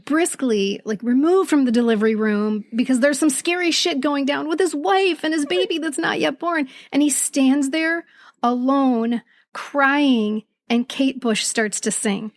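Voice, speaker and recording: Animated high-voiced woman co-host. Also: unhurried, dry recording. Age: older. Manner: animated storyteller, laughs as she tells it. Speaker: podcast co-host. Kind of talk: casual chat.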